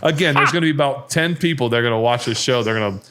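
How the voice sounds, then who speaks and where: A man with a medium-pitched voice hosts a podcast from a bar set. He talks in a relaxed, joking way. His sentences ramble and restart as he goes. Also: racing. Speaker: podcast host, retired quarterback. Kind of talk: casual chat.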